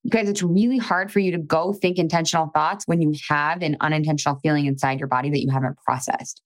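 A woman's voice: sits low, steady tone, fast. A woman podcast host coaching a listener in a frank, chatty way, swearing casually and filling her talk with "like".

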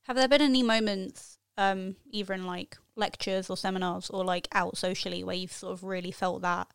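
A woman's voice: mid-range voice, steady tone, normal speed, clear, resonant tone, no echo, studio quality. A woman hosting a podcast, chatting casually and asking loose, rambling questions. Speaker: podcast host. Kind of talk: casual chat.

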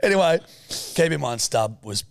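A man in his thirties with an Australian accent tells a rowdy story in casual podcast chat, swearing freely and acting out the voices of the people involved. His voice is a little high, expressive and gravelly, at normal speed, with background noise audible.

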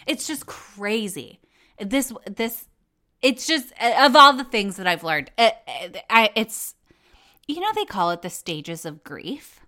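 A woman hosting a casual podcast, her voice hoarse and cracking in and out, chatty and joking, with free swearing. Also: on the high side, animated, a little slow, a bit bright. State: hoarse, voice going in and out. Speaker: podcast host.

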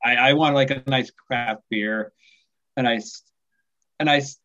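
A middle-pitched man in his forties from the USA chats as a podcast guest. He talks haltingly, restarting sentences and chuckling softly. The sound is a bit muffled and lo-fi, as over a remote call. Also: fairly even intonation. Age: 40s. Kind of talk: casual conversation.

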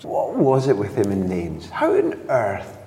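A man's voice: fairly low pitch, wildly swooping pitch, measured pace, mellow, reverberant, in a large hall, slight background noise. A male interviewer asking curious, prompting questions in a casual interview.

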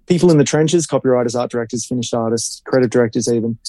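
A man's voice: medium pitch, fast talker, warm tone, no room sound. A man, co-hosting a podcast as a marketing creative in casual chat, blunt and opinionated and swearing freely.

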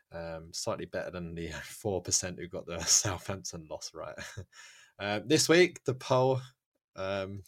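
Male podcast host, lowish voice, loose chat full of ums and laughs. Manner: chatty, laughs often, many fillers. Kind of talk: casual football podcast chat.

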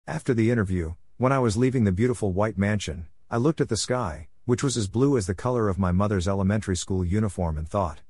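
A man from the Philippines, reading his own reflective essay in a measured scripted narration. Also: fairly low pitch, darkish tone, dry recording, studio quality.

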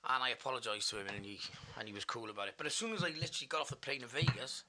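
A man's voice: mid-range voice, very fast, slight background noise. A Welsh man telling a wild story in a casual, sweary way, laughing as he goes. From Wales. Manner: sweary, animated, laughs through his story. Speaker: guest.

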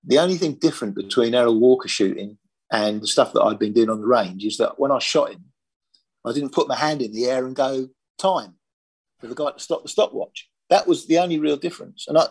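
Husky older British man recounting plainly. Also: mid-range voice, fairly quick, darkish tone. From Britain. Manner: plain-spoken, matter-of-fact, with casual slang. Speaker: former police firearms officer, guest. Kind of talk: candid storytelling interview.

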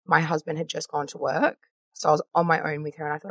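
Low gravelly woman host. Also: fairly even intonation, fast, fairly bright tone, no room sound. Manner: emotional, rambling, quotes her own past thoughts. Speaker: podcast host. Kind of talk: candid conversational interview.

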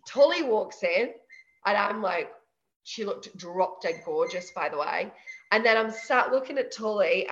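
A woman chatting casually as an interview guest, animated, laughing often and swearing freely. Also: medium pitch, lo-fi sound. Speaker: evicted reality show contestant, guest.

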